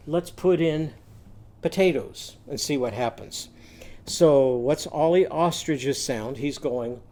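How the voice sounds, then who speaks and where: A man's voice: on the high side, mellow. A man teaching young children a phonics lesson, singing little chants and leading sound drills for them to repeat.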